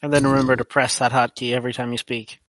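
A man's voice: medium pitch, little pitch movement, fast talker, a bit bright, no echo. A man playing a tabletop game over voice chat, patiently explaining settings step by step. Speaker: player. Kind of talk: casual voice chat.

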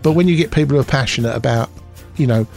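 A man's voice: mid-range voice, quick pace, vocal fry, a little mellow, faint music behind. A man co-hosting a casual chat show, talking in a chatty, rambling way. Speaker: co-host.

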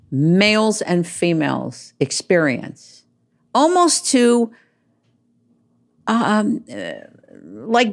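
Older lady host ranting, emphatic, voice swings high and low. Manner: emphatic, rambling, drops low for asides. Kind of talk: opinionated monologue.

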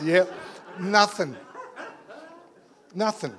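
A pastor preaching to his church, caught up in a story he tells with eager energy. His voice sits a little high for a man, and his sentences stumble and restart as he rushes on. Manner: animated storytelling with many restarts and stammers. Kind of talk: sermon.

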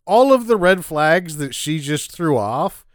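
A man's voice: fairly high pitch, unhurried, dry recording, clean studio sound. A man co-hosting a casual podcast, retelling movie scenes and acting out the characters' lines. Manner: animated, acts out characters' lines. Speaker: podcast co-host. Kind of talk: casual movie-recap chat.

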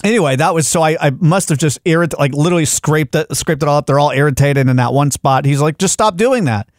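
A man's voice: a little high, steady tone, fast talker, no room sound, studio quality. A man hosting a comedy podcast, telling a rambling story in casual chat with many restarts. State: groggy, a little delirious.

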